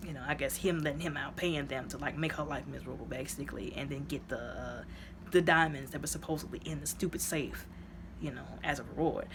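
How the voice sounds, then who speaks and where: A woman's voice: low voice, a little fast, noisy background. A woman reviewing a movie in a casual, chatty retelling, full of fillers, who acts out the characters' lines.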